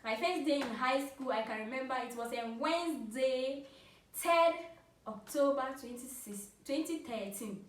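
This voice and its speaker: A Ghanaian woman in her twenties telling funny personal stories to camera in a playful, animated way, laughing often. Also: high voice, moderate pace. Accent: Ghanaian English. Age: 20s. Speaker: vlogger. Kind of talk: casual storytelling to camera. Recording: roomy, from a distance.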